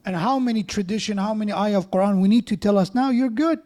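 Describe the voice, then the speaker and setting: A man delivers a sermon in a mosque. His voice sits high for a man, and he speaks earnestly and encouragingly, with some non-native phrasing. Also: steady tone, fast talker, darkish tone. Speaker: preacher.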